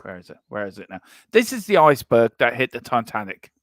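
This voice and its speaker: A man's voice: mid-range voice, sing-song, fast, a bit bright, no room sound. A man co-hosting a casual fan podcast, joking and reading out listener comments. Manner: jokey, reads out listener comments. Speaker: podcast co-host.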